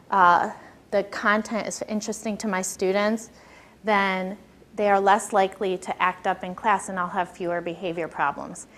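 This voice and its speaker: Speaking at a medium pitch with a fairly bright tone, a woman lectures a workshop on classroom behavior, keeping it conversational and asking the audience questions.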